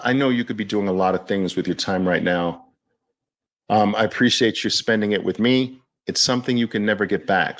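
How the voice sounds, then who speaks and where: A man's voice: fairly low pitch, fairly bright tone. A middle-aged man with a New York accent hosting a casual livestream, emphatic and motivational, repeating his key phrases. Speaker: livestream host.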